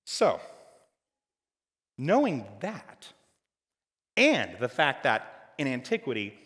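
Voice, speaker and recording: Animated preacher in a reverberant hall. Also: male voice, medium pitch, takes it slowly, long pauses. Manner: dynamic, swings from loud emphasis to quiet. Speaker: pastor. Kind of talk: sermon. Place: church hall. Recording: church hall with long reverb.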